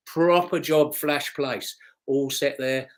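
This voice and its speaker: A man's voice: a little high, steady tone, takes it slowly. A middle-aged man, a former motocross racer telling rambling, chatty stories as an interview guest. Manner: rambling, chatty, with restarts and chuckles. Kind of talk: casual anecdotal storytelling.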